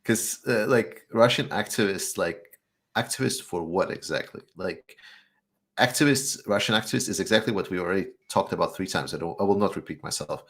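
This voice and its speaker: A man's voice: low-pitched, brisk, fairly bright tone. A man appearing as a guest YouTuber in a live Q&A chat, speaking bluntly and sarcastically.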